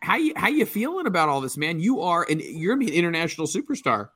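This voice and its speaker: A man's voice: on the high side, quick pace, slightly rough, no echo. A podcast host, this man talks in a dry, close-up sound. His voice leaps all over the place as he laughs and jokes with his co-hosts. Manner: laughs often, excitable. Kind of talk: casual chat.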